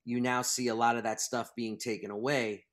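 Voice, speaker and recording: Male author guest, mid-pitched, emphatic and animated, talkative interview style. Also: normal speed. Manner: animated, emphatic, restarts thoughts. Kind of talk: interview conversation.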